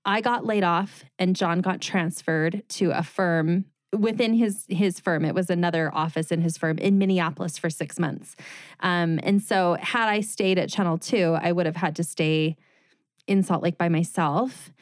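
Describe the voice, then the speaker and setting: A woman's voice: lowish voice, normal speed, no room sound. Woman telling her story in a dry, close recording. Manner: animated retelling with quoted dialogue and laughs. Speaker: guest, former news reporter turned designer. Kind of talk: casual interview storytelling.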